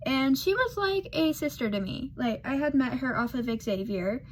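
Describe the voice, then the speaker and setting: A woman's voice: high-pitched, sing-song, moderate pace, slight background noise. A woman vlogger telling a casual storytime while doing her makeup, rambling and losing her thread with lots of fillers.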